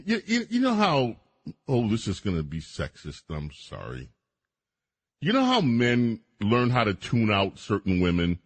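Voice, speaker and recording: A man's voice: lowish voice, huge pitch swings, a little slow, no room sound. A middle-aged man hosting a radio talk show, giving opinionated, emphatic commentary with mocking asides.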